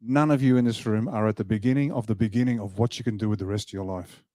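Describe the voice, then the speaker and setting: A man delivering a rousing motivational speech to a hall, emphatic and full of asides. His voice is mellow and low-toned, and the sound is dry and close. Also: fast talker. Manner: emphatic, animated, jokes with the crowd. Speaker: party leader giving a speech. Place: event hall.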